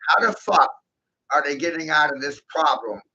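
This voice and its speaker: A man's voice: a little high, animated, moderate pace, pushed and bright, lo-fi sound. A man delivering a rambling, profane monologue, breaking into laughter often and talking with intensity. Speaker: video host.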